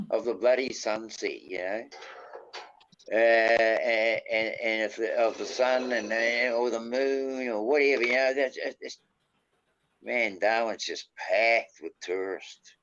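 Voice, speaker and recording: Slow-talking New Zealand man, rambling. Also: medium pitch, a bit bright, slight background noise. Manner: rambling, peppers speech with "bloody". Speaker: panel guest. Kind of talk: casual storytelling. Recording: dull lo-fi audio.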